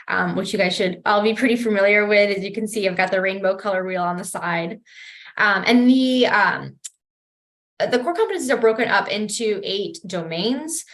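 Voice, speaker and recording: Woman staff presenter, mid-pitched, brisk and filler-heavy, a touch of morning roughness. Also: a bit bright. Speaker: project coordinator.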